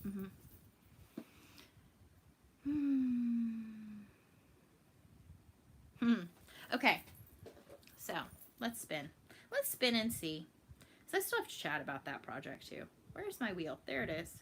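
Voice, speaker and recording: Chatty Texan woman, bright voice. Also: fairly low pitch, wildly swooping pitch, normal speed, a little hiss or hum. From Texas. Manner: chatty, laughing, answers viewer comments. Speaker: flosstube host. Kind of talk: casual live chat.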